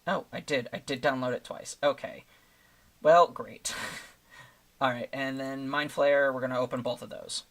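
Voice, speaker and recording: His voice is medium in pitch and fairly bright, with fairly even intonation and a measured pace. This relaxed male streamer talks his way through making thumbnails live, wandering and filling gaps with fillers as he thinks.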